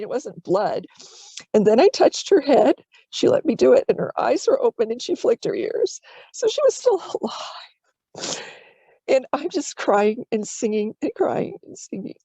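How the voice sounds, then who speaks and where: A woman teaching meditation, telling a personal story slowly and tenderly, at times near tears. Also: a little high, creaky, dark tone, breathy edge, no room sound. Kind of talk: personal story in a dharma talk.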